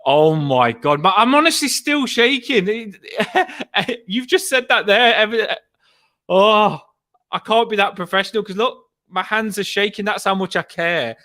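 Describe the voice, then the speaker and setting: A man hosting a fan podcast, excitable and rambling, still shaky with adrenaline after a match. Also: sits high, moderate pace. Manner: breathless, excitable, rambling with laughs.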